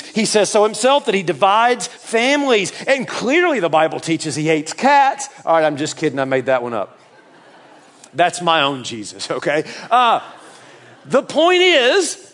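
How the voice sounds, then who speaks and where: A male pastor with a Southern US accent preaching a sermon, emphatic and jokey, swinging between loud declarations and soft asides. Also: high voice.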